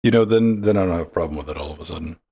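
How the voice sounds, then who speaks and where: A man's voice: deep voice, racing, gravelly, mellow, slightly rough. A man co-hosting a live gaming podcast, chatting in an offhand, distracted way while setting up a game. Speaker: podcast co-host. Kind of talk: casual live gaming chat.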